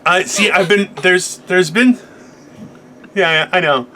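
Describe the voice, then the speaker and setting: A man co-hosting a podcast in casual comedic chat, telling animated jokey stories and acting out other people's voices. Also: sits high, slow pace, background noise. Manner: animated, jokey storyteller who acts out voices. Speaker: podcast co-host.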